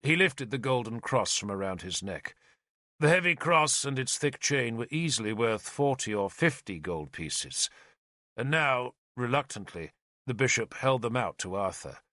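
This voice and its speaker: A man narrates an audiobook with expressive storytelling at a normal speed and a medium pitch. The recording is studio quality with no echo.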